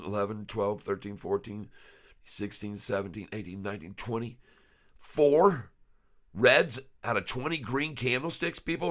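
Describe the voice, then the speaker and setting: Excitable male stock vlogger with a bright, forceful voice and quick rhyming hype. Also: on the low side. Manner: excitable, laughs often, rhyming hype riffs. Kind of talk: live market commentary.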